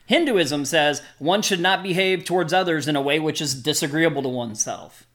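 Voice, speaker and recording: A podcast host telling stories from their own recovery in a loose, reflective way. The voice sits at a middle pitch. The talk is full of fillers and easy asides. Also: brisk, fairly bright tone. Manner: reflective, storytelling, frequent fillers. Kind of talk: casual podcast chat.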